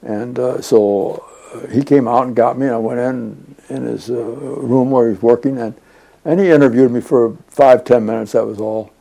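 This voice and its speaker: A man's voice: mid-range voice, fairly even intonation, normal speed, vocal fry, mellow. An older man being interviewed, recounting his past in a rambling, chatty way with many fillers. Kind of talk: oral history storytelling.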